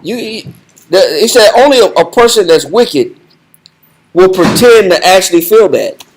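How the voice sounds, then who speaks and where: A man's voice: high-pitched, lively intonation, normal speed. A man teaching a Bible study, directing a reader and repeating his points with commanding emphasis.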